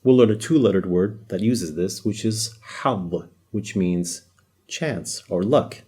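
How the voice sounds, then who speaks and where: A man's voice: fairly low pitch, a little slow, mellow, breathy edge. A man teaching a language lesson, explaining patiently, demonstrating sounds and joking lightly. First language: Arabic. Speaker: Arabic teacher. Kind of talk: casual whiteboard lesson.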